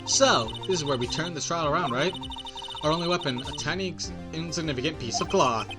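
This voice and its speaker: A man's voice: on the high side, a little fast, natural voice. A man voicing a nervous, self-deprecating young defense lawyer in a courtroom game, over game music. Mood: wry. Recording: game music playing behind.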